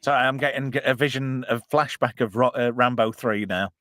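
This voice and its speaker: Here the same kind of co-host riffs on a film during a laid-back live stream, joking around and slipping into goofy voices. He speaks a little fast in a mid-range, fairly bright voice, captured at studio quality with no room sound.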